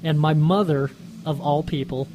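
A man's voice: a little high, fairly even intonation, normal speed, warm tone, a little hiss or hum. A man on a casual podcast, telling a childhood story with wry asides. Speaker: podcast co-host.

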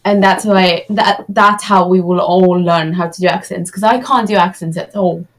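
A woman's voice: fairly low pitch, fairly even intonation, moderate pace. Offhand woman guest on a podcast. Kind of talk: casual chat.

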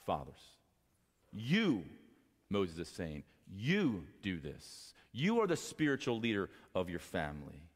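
A male pastor preaching a sermon to fathers, impassioned, moving from quiet talk to raised exhortation. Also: sits low, huge pitch swings, takes it slowly, big-room sound. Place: church sanctuary.

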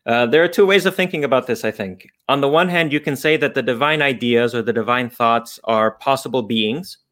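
A man's voice: medium pitch, brisk, fairly bright tone. A man explaining philosophical ideas off the cuff as a guest, thinking aloud with frequent restarts and fillers.

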